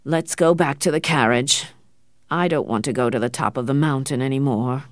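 A woman reading an audiobook, voicing a stern, cold older father, a doctor, who speaks in a quiet, controlled, hard way. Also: extremely low pitch, moderate pace, no room sound, studio quality, voice pushed down.

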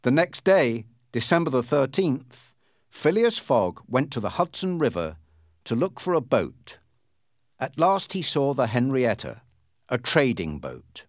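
Slow, expressive male storybook narrator. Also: medium pitch, dry recording, studio quality. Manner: clear, deliberate reading with lively intonation. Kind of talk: storybook reading.

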